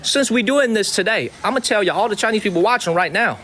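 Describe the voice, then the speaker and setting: A man's voice: sits high, lively intonation, quick pace, bright, forceful tone, slight background noise. A man from Chicago with a Chicago accent, hosting a casual livestream outdoors, talking emphatically, repeating himself and thanking viewers by name. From Chicago, USA. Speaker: livestream host. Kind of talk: casual live-stream talk to chat. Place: outdoors in a Chinese water town.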